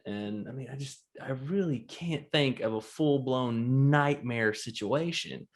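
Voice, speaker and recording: A man's voice: medium pitch, measured pace. A man co-hosting a podcast, talking casually in a rambling way and laughing through his stories. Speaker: podcast co-host. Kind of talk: casual chat.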